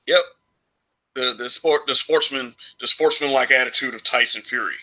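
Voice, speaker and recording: A man's voice: mid-range voice, moderate pace, bright, forceful tone, rough recording. A man from Alabama giving his opinions in a casual vlog monologue, rambling, restarting phrases and chuckling often. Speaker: vlogger.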